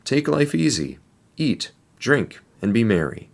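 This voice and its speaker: A man's voice: medium pitch, sing-song, a little slow, creaky, pitched above the performer's own voice, full character voice. A man voicing a self-satisfied rich male farmer who talks to himself in a smug, pleased way. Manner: self-congratulating, talking to himself.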